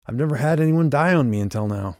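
A man voicing a grieving, sharp-tongued young woman in an audiobook, with his voice raised and tearful. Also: expressive, fast talker, no room sound, studio quality, lightly acted. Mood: grieving, bitter. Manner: raised pitch, tearful and bitter.

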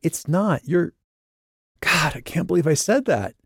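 A man voicing a grieving, sharp-tongued young woman in an audiobook, with his voice raised and tearful. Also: expressive, measured pace, gravelly, slightly rough, no room sound, studio quality, full character voice. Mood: grieving, bitter. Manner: raised pitch, tearful and bitter.

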